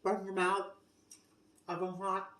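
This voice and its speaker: A woman's voice: medium pitch, completely flat delivery, unhurried, fairly bright tone. A woman in a home kitchen tasting her own food in a casual cooking vlog, effusive and emotional about how good it turned out. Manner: gushing and effusive while tasting. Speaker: cooking vlogger. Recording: roomy echo, mic at a distance.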